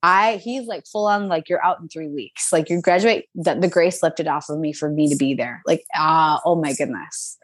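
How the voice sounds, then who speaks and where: A woman in her twenties telling a personal story in a casual, animated, chatty way, full of fillers. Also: low-pitched, moderate pace, hardly any pauses, no echo.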